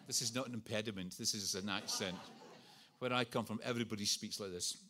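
A man's voice: fairly low pitch, fairly even intonation, fairly quick, bright, forceful tone. A Scottish man in his sixties preaching a sermon, earnest and storytelling with self-deprecating humour. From Scotland. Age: 60s.

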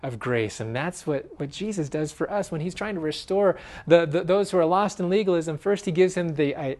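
Guy preaching, earnest, goes loud then drops real quiet, voice a bit high. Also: moderate pace. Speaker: pastor. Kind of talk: sermon.

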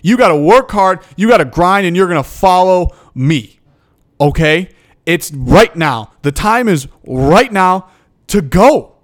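A man's voice: high voice, expressive, a little slow. A young man, a football coach, hosting a motivational podcast and delivering a fired-up rant that keeps checking in with "okay?". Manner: fired up, emphatic, repeats "okay?".

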